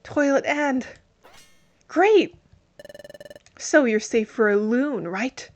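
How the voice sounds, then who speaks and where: Woman game commentator, playful, jokey, deadpan reading, fairly high voice. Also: unhurried, lo-fi sound. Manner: playful, joking, reads garbled lines deadpan. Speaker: let's play host. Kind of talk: game commentary, reading translated text aloud.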